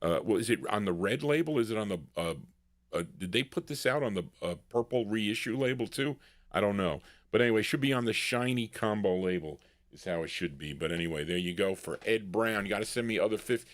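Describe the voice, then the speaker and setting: Low-voiced man hosting a record show. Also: lively intonation, brisk, no room sound, studio quality. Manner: rambling, thinking aloud, reading chat requests. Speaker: radio-style show host playing records. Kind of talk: casual live-stream record show patter.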